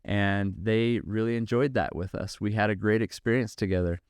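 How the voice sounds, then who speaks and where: A middle-aged man hosting a podcast, giving an earnest, measured monologue about faith and values with preacherly repetition. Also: lowish voice, steady tone, clear, resonant tone, no echo, clean studio sound. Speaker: podcast host and company founder. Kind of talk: reflective faith-based monologue.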